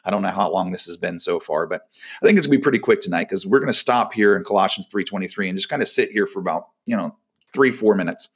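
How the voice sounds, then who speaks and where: A man's voice: deep voice, fast talker, husky. A man who coaches volleyball, giving a casual devotional talk and telling a personal story with acted-out dialogue. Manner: storytelling, acts out quoted dialogue.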